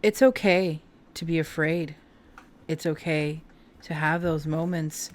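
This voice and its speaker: A woman doing a casual tarot reading for her viewers, speaking slowly and taking her time. Her voice sits a little low. She sounds heartfelt and openly emotional as she addresses them directly. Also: fairly even intonation. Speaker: tarot reader.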